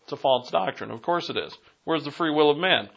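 A man's voice: fairly high pitch, lively intonation, brisk, gravelly, dull audio. A man with a Boston accent preaching a Bible lesson, emphatic and digressive, rising to punch key phrases. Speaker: Bible teacher. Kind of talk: sermon.

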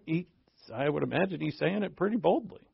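A man's voice: a little high, lively intonation, fairly quick, gravelly, slightly rough, no room sound, highs cut off. A man preaching a sermon in a conversational way, often breaking off and restarting with playful asides. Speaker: pastor.

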